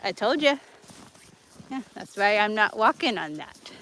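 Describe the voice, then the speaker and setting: A woman's voice: medium pitch, sing-song, a little slow, fairly bright tone, a little hiss or hum. A woman chatting casually while walking her dogs on a snowy rural road, laughing and joking and voicing what her dogs are thinking. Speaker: homestead vlogger.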